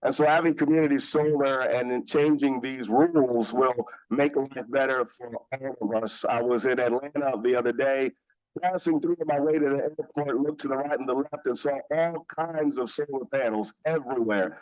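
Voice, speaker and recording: A man's voice: medium pitch, steady tone, normal speed, darkish tone, dry recording, rough recording. A man giving a public comment at a city council meeting in an earnest, persuasive, appreciative way. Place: council chamber.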